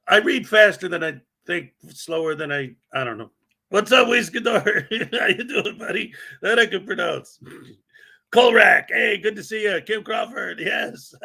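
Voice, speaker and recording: A man with a high, bright voice and a gravelly edge hosts a casual morning livestream. He is upbeat and joking, and he reads out viewers' names as he greets them. He talks in a loose, chatty way. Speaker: livestream host.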